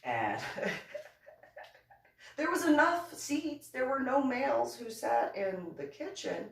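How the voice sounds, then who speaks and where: A middle-aged woman spins a rambling personal story at an unhurried pace. Her tone is wry and sarcastic, with frequent chuckles and restarted sentences. Her voice sits back from the mic in a roomy space. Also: sits high, very animated, gravelly. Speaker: author and reverend. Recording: roomy, voice from a distance.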